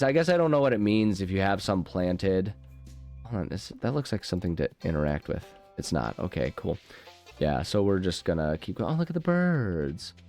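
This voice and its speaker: A gaming channel host with a low-pitched, slightly mellow voice gives casual let's play commentary, rambling goofily as he plays and often interrupting himself. Game music plays in the background.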